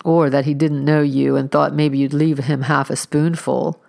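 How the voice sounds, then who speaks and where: A woman's voice: low-pitched, level tone, moderate pace, gravelly. A woman voicing a brash, mocking city man who fancies himself a wit, in a storybook reading. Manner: loud, mocking. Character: brash joking middle-aged city man.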